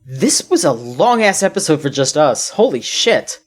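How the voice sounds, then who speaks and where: A woman's voice: deep voice, big pitch swings, normal speed, slightly rough. A woman co-hosting a casual video game podcast, rambling with lots of fillers and restarts. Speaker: podcast co-host.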